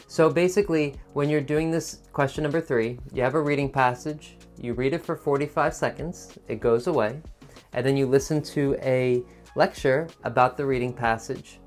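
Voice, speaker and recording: A man teaching a test-prep lesson in a patient, encouraging teacher voice, explaining step by step. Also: medium pitch. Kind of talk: instructional video lesson.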